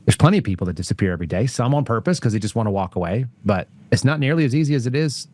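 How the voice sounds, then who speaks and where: A man talking as a guest on a casual political talk show, rambling through anecdotes in an animated way. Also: mid-range voice, very fast. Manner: rambling, animated storyteller with frequent laughs.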